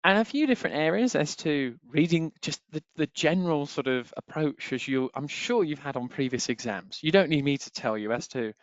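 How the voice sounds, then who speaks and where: A man's voice: on the high side, smooth, dry recording. A man teaching an exam-prep webinar in a chatty, repetitive way. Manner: chatty, repeats filler phrase "on there". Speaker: exam tutor. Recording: dry, slightly dull webinar audio.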